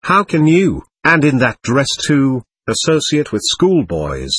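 A man's voice: mid-range voice, very animated, normal speed, breathy edge, no room sound. Imperious young girl, bossy, urgent, man reading, dry close sound. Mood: scolding. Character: impetuous, imperious teenage girl.

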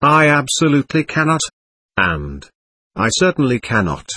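A man voicing a proud, indignant gentleman who stammers in outrage, in a husky storybook reading. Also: mid-range voice, very animated, normal speed, no echo, clean studio sound. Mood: outraged. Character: indignant, proud gentleman losing his temper.

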